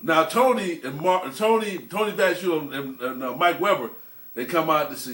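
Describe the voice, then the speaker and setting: A man's voice: a little high, moderate pace, fairly bright tone. A man telling profane, swaggering stories in casual talk, with many restarts and laughs at his own tales. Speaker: storyteller host. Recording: roomy echo.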